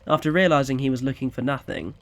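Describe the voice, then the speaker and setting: A man narrating an audio story in a quiet, even storytelling manner. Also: mid-range voice, fast talker.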